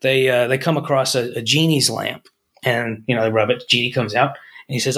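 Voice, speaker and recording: A man's voice: mid-range voice, steady tone, fairly quick, fairly bright tone. A man co-hosting a podcast, telling stories and jokes in a rambling, casual way. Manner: rambling storyteller, frequent restarts. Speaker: podcast co-host. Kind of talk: casual chat, storytelling.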